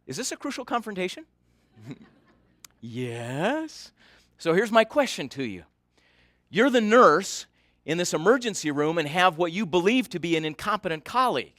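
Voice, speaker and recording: A male keynote speaker with a bright, ringing voice, pitched a little above the usual for a man. He tells his story in an animated way and keeps asking the audience questions. The sound is close and dry, with no room around it. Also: a little fast, no room sound.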